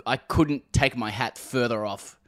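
A man's voice: medium pitch, measured pace. An Australian man co-hosting a casual cricket podcast, rambling with frequent laughs, restarts and swearing. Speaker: podcast co-host.

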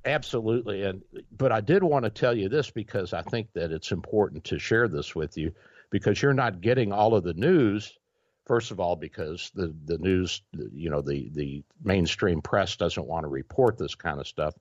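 A deep-voiced man hosts a casual radio talk show and rambles through long stories, full of fillers and restarts. The sound is dry and a little dull, like lo-fi radio. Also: moderate pace, a little mellow, dry recording. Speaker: radio show host, doctor.

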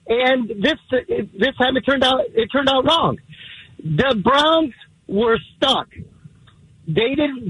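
A man's voice: extremely high pitch, a bit bright, slightly rough, low-quality recording. A man calling in to a sports radio show from his car, indignant and stammering through restarts. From Cleveland area, USA. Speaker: caller. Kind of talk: call-in sports radio rant. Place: in a car, driving.

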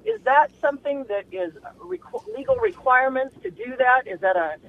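A woman calling in from her car, asking a question with halting, hesitant phrasing. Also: sits high, huge pitch swings, slight background noise. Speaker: caller. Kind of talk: call-in question on phone. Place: in a car while driving. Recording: tinny phone line.

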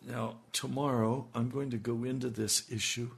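A man's voice: mid-range voice, little pitch movement, moderate pace, creaky. A man preaching a sermon, building to emphatic, urgent appeals. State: hiccups. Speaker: radio preacher.

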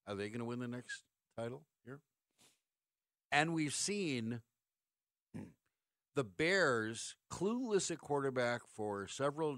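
A man's voice: fairly high pitch, fairly bright tone, no room sound, studio quality. A middle-aged man hosting sports talk radio, ranting sarcastically and firing off rhetorical questions.

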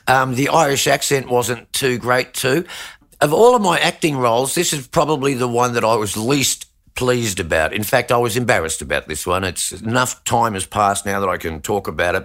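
Gravelly, jokey man. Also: mid-range voice, fairly bright tone. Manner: self-deprecating, jokey. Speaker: actor and co-host. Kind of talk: casual chat.

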